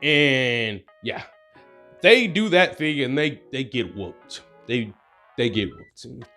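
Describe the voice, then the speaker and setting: A man's voice: mid-range voice, lively intonation, takes it slowly, sharp tone, faint music behind. A young man casually telling a fan-made story, rambling and slangy, full of "bro" and "like".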